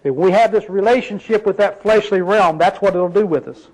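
A man with a notably high voice delivers an emphatic sermon. He reads scripture, then keeps turning to his listeners with rhetorical questions. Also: fairly quick, a little mellow, low-quality recording. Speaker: preacher.

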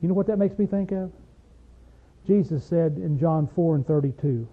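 A preacher with a high voice delivers his sermon, firing questions at his listeners. He swings from loud bursts to near-hushed lines. The sound is thin and tinny, like it came over a phone. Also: moderate pace, slightly rough.

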